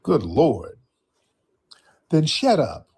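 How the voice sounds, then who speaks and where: A man's voice: fairly high pitch, huge pitch swings, extremely slow, a little mellow, slightly rough. A man hosting a call-in livestream, talking bluntly and mocking his callers. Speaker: livestream host. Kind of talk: livestream commentary.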